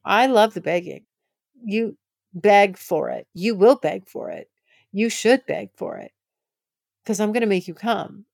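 A woman hosting a candid podcast talks through a personal story, laughing often and gushing openly. Her mid-pitched voice slips into a gravelly fry. The sound is close and dry, with no room around it. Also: darkish tone, no echo. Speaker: podcast host.

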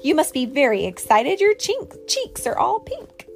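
A woman's voice: high-pitched, huge pitch swings, a little slow, faint music behind, pitched above the performer's own voice, full character voice. A woman voicing a cheerful, affectionate father in a picture book, reading his lines encouragingly. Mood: fond.

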